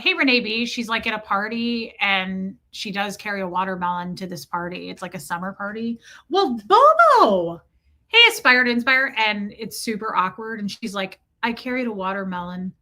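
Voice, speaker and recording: A woman hosts a casual livestream, chatting and joking and greeting her viewers by name. Her medium-pitched voice is bright and forceful, though slightly hoarse.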